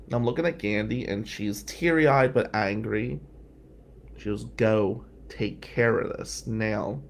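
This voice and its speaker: Gravelly-voiced man telling a story. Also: medium pitch, background noise. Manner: animated, swears freely, acts out quoted speech loudly. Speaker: podcast host. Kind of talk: personal storytelling monologue.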